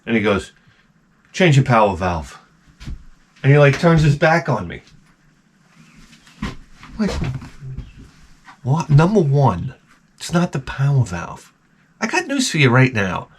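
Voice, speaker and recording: A man's voice: medium pitch, wildly swooping pitch, a little slow, pauses often, slight background noise. A middle-aged man ranting sarcastically through a casual story, mimicking the people in it. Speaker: vlogger.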